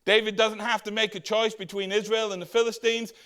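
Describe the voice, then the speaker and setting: A man's voice: high-pitched, flat delivery, a bit bright, smooth. A man preaching a conversational sermon as pastor, asking the congregation rhetorical questions and acting out the Bible characters' words. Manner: acts out the Bible characters' words in quick voices.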